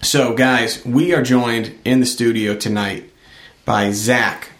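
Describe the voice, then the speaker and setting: A man's voice: medium pitch, fairly even intonation, takes it slowly, a bit bright, roomy sound. A man from New Hampshire hosting a casual podcast in a studio, brash and joking, swearing freely. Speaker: podcast host. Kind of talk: casual profane podcast chat.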